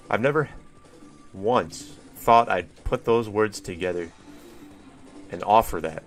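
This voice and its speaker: Speaking slowly with frequent pauses, this lowish-voiced man streams a game over soft background music. He rambles to his viewers with dry humor and casual profanity, musing wryly at chat as he plays.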